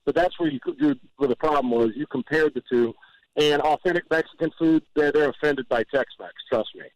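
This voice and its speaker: A man's voice: a little high, fairly quick, no echo, poor audio. A man from Southern California talking as a guest on a sports radio show, rambling and joking with exaggerated stories and stammered restarts. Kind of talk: casual sports radio banter.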